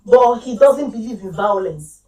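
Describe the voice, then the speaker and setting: A woman's voice: fairly high pitch, lively intonation, unhurried, a little mellow. A woman in her forties, a talk show guest, telling a personal story with emphasis and acting out what she said. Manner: emphatic, acts out her own quoted lines. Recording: roomy, distant mic.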